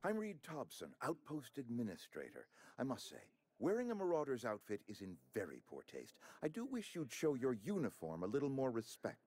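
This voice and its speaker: A pompous husky town administrator. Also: male voice, medium pitch, wildly swooping pitch, brisk, hardly any pauses, darkish tone. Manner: formal, fussy and ingratiating. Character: pompous middle-aged male outpost administrator. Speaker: game character.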